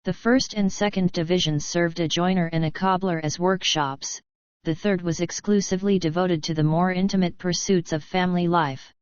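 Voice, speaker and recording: A woman narrating a classic novel as an audiobook reader, in measured, even storytelling, in a dry, slightly dull recording. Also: fairly low pitch, clear, resonant tone, no echo.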